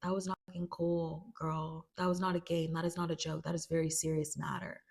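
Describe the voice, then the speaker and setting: A woman voicing a stern young man, speaking flat, low and hushed. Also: fairly quick, vocal fry.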